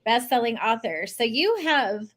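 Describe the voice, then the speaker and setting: Brief: female host, supportive and affirming, fairly high voice. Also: expressive, moderate pace. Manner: warm, affirming, encouraging. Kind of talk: casual interview.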